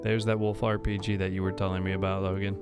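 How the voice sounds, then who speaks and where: A man's voice: low-pitched, level tone, fast, over music. A man giving casual, reflective game commentary in a loose, unpolished way. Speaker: gaming YouTuber.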